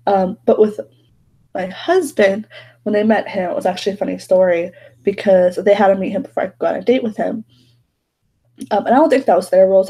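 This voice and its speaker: A woman's voice: medium pitch, mellow, slightly rough, rough recording. A young woman chatting casually while doing her makeup at home, rambling with lots of fillers. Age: young adult. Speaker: beauty vlogger. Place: bedroom at home.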